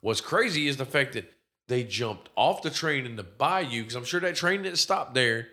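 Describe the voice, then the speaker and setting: A man's voice: medium pitch, lively intonation, moderate pace, sharp tone. A man in casual, profane chat, animatedly retelling a movie's plot with a co-host.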